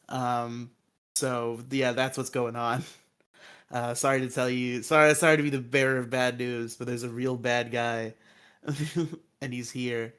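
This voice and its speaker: A man in relaxed podcast chat, walking through a plot with frequent laughter. He throws in goofy voices when he quotes characters. His pitch sits right in the middle. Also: measured pace, clean tone. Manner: laughs often, acts out quotes in silly voices. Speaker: podcast co-host recapping episodes. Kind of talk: casual chat, episode recap.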